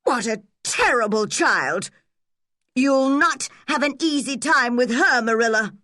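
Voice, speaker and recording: A woman's voice: a little high, lively intonation, unhurried, sharp tone, no room sound, clean studio sound, pitched above the performer's own voice. A woman reading an audiobook voices a nosy, blunt older village busybody who talks in a disapproving way.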